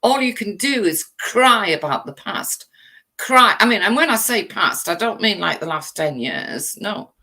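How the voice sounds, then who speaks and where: Her voice sits in the mid range but swings widely in pitch, bright and forceful, at a normal speed with barely a pause. She's an English channel host on a livestream, raging through a profanity-laden rant packed with rhetorical questions.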